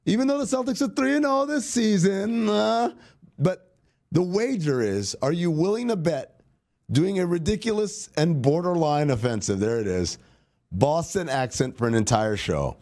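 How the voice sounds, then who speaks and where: A man's voice: high voice, lively intonation, normal speed, a little mellow. Teasing man co-hosting a sports show. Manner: laughs often, teasing. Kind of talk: casual chat.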